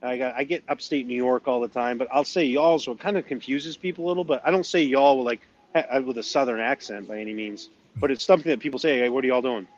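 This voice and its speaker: A man from northern Maine talks casually as a podcast guest, easygoing and self-deprecating. His voice sits at a middle pitch, and the recording sounds a little dull. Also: quick pace. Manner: chatty, self-deprecating, with frequent restarts. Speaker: cigar company guest. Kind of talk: casual interview chat.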